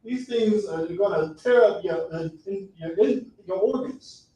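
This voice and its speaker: A man teaching a religious class in a classroom, animated and acting out people's reactions with mock voices. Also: high-pitched, unhurried. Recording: echoey room, far from the mic.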